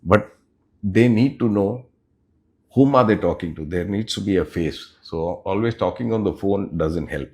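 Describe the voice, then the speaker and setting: Answering interview questions about his role leading a business unit, a middle-aged man speaks in a fairly low, darkish voice. His explanations are measured, broken up by pauses between phrases.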